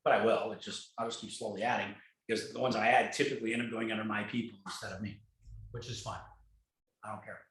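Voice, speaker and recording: A man's voice: fairly low pitch, quick pace, roomy sound, rough recording. A man from Michigan telling blunt, profanity-laced business stories in casual talk, acting out both sides of conversations. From Michigan, USA. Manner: blunt and swearing, acts out dialogue in animated voices. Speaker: guest speaker, real estate team leader. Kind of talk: casual conversational storytelling on a video call.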